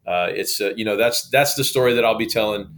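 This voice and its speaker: Man telling a lively fishing story. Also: lowish voice, a little fast. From Oklahoma. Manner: lively, acts out quoted dialogue. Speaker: guest. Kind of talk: casual storytelling.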